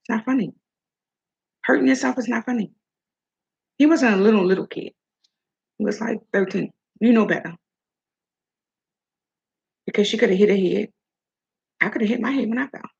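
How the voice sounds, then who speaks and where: A woman's voice: a little high, moderate pace, gravelly, pauses often, a little mellow, breathy edge. An older woman hosting an opinion commentary vlog, sassy and talking straight at the person she criticizes. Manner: sassy, talks straight at her subject. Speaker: host. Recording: dull lo-fi recording.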